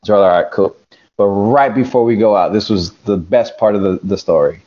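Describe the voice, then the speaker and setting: A man's voice: lowish voice, normal speed, warm tone, dull audio. Profane, rambling man telling a story. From California. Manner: profane, rambling, acts out quotes. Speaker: podcast guest, pro wrestler. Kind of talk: casual storytelling.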